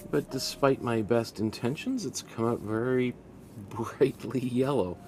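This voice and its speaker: A middle-aged man giving a relaxed painting lesson, thinking aloud as he works, rambling with restarts and soft laughs. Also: mid-range voice, measured pace, a little hiss or hum. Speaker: art teacher.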